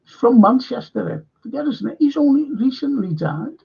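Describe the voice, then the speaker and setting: A man hosts a casual film review livestream, rambling and swearing freely. His voice sits fairly high with a husky, gravelly edge. The stream audio sounds dull and lo-fi. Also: very animated, normal speed. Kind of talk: casual livestream chat reading viewer comments.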